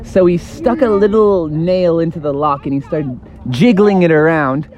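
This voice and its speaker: A young man with a slightly high voice spins an improvised story, rambling playfully from one silly beat to the next. He slips in fillers and tangents as he goes, keeping a loose, amused storytelling tone. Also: moderate pace, a little mellow.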